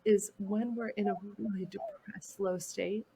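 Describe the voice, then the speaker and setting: A woman guest in an interview, speaking earnestly and gently encouraging as she tells a personal story. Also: medium pitch, fairly even intonation, measured pace, a little hiss or hum. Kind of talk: heartfelt interview talk.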